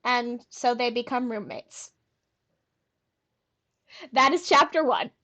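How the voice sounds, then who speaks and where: A woman's voice: fairly high pitch, slow, bright, forceful tone. A young woman streaming live, reading a novel aloud and breaking off for playful, giggly asides.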